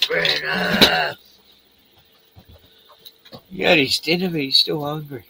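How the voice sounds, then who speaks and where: A man's voice: fairly high pitch, wildly swooping pitch, slow pace, gravelly, pauses often, background noise. An Australian man hosting a casual livestream, rambling, swearing and chatting to his dog. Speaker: livestream host.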